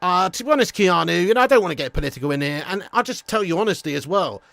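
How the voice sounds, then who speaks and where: A man's voice: sits high, animated, very fast, vocal fry, a bit bright, no echo. A man hosting a live football watch-along, rowdy, joking and swearing. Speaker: match watch-along host.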